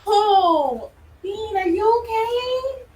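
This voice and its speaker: A woman player talking slowly, distracted and laughing as she soothes a pet. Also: very high voice, animated, a little mellow. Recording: echoey room, distant mic, hiss.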